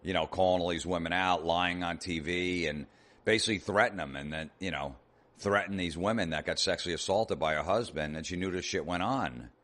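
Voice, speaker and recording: Very deep-voiced man ranting profanely. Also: brisk, fairly bright tone. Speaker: podcast host. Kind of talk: comedic ranting monologue.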